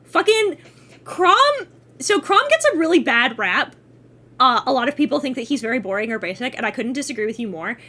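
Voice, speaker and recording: A woman streamer gushes in casual chat, high and bright in pitch. Her voice swoops animatedly up and down as she swears and laughs. Her talk stays loose and excited throughout. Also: fairly quick. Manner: gushing, profane, laughs often.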